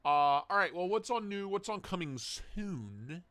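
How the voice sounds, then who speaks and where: A man's voice: high-pitched, very animated, a little slow, a bit bright, no room sound. A man hosting a casual livestream, joking crudely, laughing a lot and reading out donations. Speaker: livestream host.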